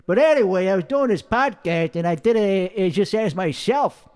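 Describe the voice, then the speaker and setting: Man playing a brash, profane, clueless young guy persona; high voice, rambling comedic monologue. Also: expressive, normal speed, darkish tone, smooth. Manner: profane, rambling, self-interrupting. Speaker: comedy character performer. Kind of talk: in-character rambling stand-up. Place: karaoke bar with colored lights.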